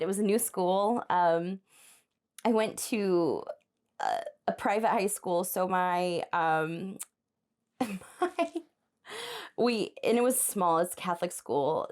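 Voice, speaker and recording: In a mid-range, darkish voice, the young woman hosting a crafting video chats while doing hand embroidery in her home craft space, spinning a rambling story punctuated by laughter and asides to her audience.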